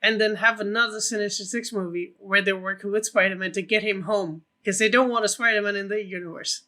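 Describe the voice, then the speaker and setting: High, bright-voiced excitable man. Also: brisk. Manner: excitable, rambling, swears a lot. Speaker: podcast co-host. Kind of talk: casual film podcast chat.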